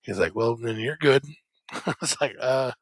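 Here a male podcast co-host speaks at a measured pace in a medium-pitched voice, captured in a dry recording. His casual chat rambles, full of fillers and restarts.

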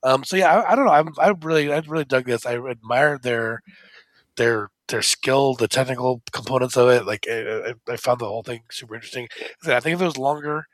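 A man co-hosting a casual movie review chat, animated and excitable, laughing often. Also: mid-range voice, fairly quick, no room sound. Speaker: podcast co-host.

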